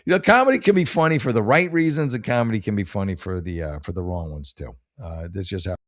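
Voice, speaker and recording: Profane rambling comedian, low voice. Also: male voice, expressive, fast, few pauses. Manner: rambling, profane, self-mocking. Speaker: comedian hosting a podcast. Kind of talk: casual storytelling.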